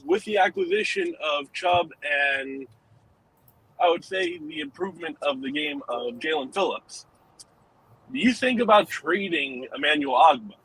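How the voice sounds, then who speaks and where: A man in a casual sports podcast chat, talking in a relaxed, slangy way. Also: on the high side, unhurried, vocal fry, husky, rough recording.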